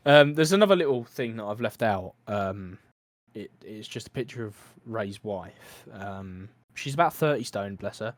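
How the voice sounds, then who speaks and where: A man's voice: on the low side, measured pace, dry recording. A British man hosting a casual comedy podcast, telling a story with lots of laughs. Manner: lively storyteller, laughs often. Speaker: podcast host.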